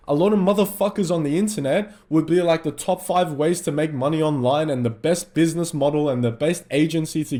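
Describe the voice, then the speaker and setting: A young Australian man with a slightly high voice rants with raw intensity, swearing freely. He drives his motivational monologue hard and speaks straight to the listener. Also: mellow. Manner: intense, profane, ranting. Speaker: mindset vlogger.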